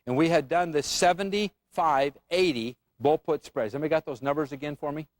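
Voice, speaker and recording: A man's voice: on the high side, fairly quick. A man teaching an options trading class, quizzing the room with frequent questions. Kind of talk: classroom lecture.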